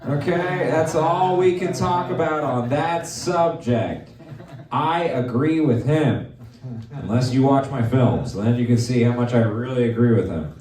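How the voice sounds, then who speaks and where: A man's voice: mid-range voice, darkish tone. Rambling male comedy host, roomy and distant. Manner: rambling, joking, quick asides. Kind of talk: live comedy show banter. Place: comedy venue with live audience.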